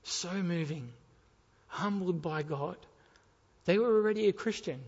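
A man preaching a sermon, swinging between loud urgent appeals and quiet, pleading questions. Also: high-pitched, measured pace, husky. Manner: impassioned, rising and falling between loud appeals and quiet pleas. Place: church hall. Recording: dull reverberant hall sound.

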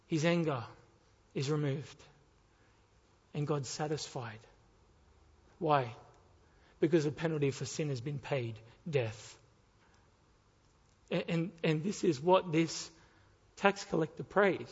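Impassioned high-voiced male preacher in hall. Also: slow pace, pauses often, slightly rough. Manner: impassioned, rising and falling between loud appeals and quiet pleas. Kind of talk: sermon. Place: church hall. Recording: dull reverberant hall sound.

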